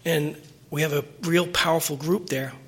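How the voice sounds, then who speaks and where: A man's voice: on the high side, fairly even intonation, normal speed, a bit bright, slightly rough. A middle-aged man telling his personal recovery story at a meeting, earnest and emotional, rambling with restarts.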